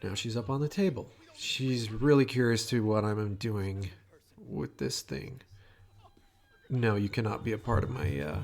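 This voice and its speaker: A man's voice: on the low side, measured pace, gravelly, darkish tone. A man talking casually into a home microphone for his audio vlog, rambling with lots of fillers, restarts and swearing. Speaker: vlogger. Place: home room. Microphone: new microphone at home.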